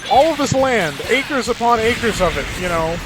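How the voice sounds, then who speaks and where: A man's voice: very high voice, very animated, moderate pace, noisy background. A man hosting a let's-play, commenting in a rambling, profane, digressive way. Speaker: gaming channel host. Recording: game music playing underneath.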